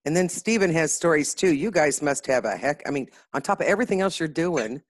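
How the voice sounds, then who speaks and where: A woman's voice: low-pitched, lively intonation, fairly quick, no echo, studio quality. A woman hosting a casual interview, reacting with laughs and murmurs of agreement. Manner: warm encouraging listener, frequent laughs and murmurs of agreement. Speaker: host.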